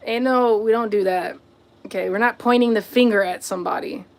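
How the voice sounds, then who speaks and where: A woman's voice: fairly high pitch, brisk. A woman hosting a casual livestream, answering viewer comments and scolding rude ones. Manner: sassy, confronting chat commenters directly; talks to viewers as y'all and buddy. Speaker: livestream host.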